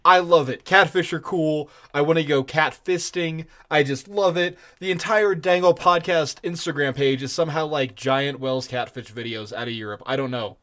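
A man co-hosting a podcast in casual chat, excitable and rambling, laughing often. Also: a little high, moderate pace, hardly any pauses. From Colorado. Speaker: podcast co-host.

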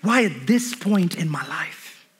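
High-voiced man preaching emphatically. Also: lively intonation, slow pace, fairly bright tone, slightly rough. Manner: emphatic preaching that builds in pitch and volume; conversational storytelling with quoted dialogue. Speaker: pastor. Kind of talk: sermon. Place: church.

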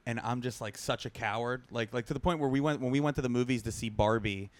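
Smooth-voiced man, self-deprecating story. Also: mid-range voice, fast talker. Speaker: podcast co-host, comedian. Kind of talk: casual chat, storytelling.

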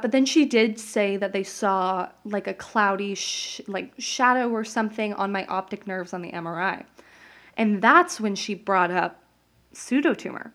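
Young woman, podcast host, casual personal story, chatty, laughs often. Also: mid-range voice.

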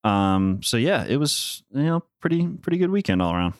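A man co-hosting a casual chat, speaking in a relaxed way about his weekend. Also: mid-range voice, moderate pace, no echo, clean studio sound. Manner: relaxed, brief reactions.

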